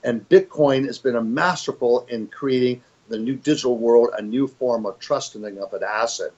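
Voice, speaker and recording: A man's voice: medium pitch, normal speed, darkish tone, muffled recording. An older man giving an interview as a fund executive, talking in a rambling, emphatic way with many restarts. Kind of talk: conversational interview.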